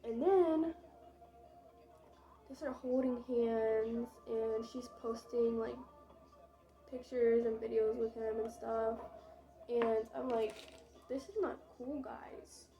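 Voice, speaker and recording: Young woman, casual storytime, chatty and dramatic, mellow voice, faint music behind. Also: on the high side, steady tone, takes it slowly, pauses often, highs cut off. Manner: chatty, dramatic, swearing, lots of fillers. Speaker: vlogger.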